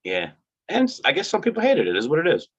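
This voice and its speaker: A man telling stories in casual chat on a video call, animated and acting out the voices of people he met. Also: on the high side, fast talker, breathy edge. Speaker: cannabis activist in costume. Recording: dull lo-fi video call audio.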